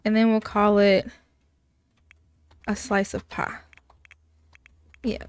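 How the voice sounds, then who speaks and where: A woman's voice: medium pitch, little pitch movement, slow, clear, resonant tone, no room sound. A woman casually commentating a life sim let's play in a chatty, upbeat way. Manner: chatty, upbeat, many fillers.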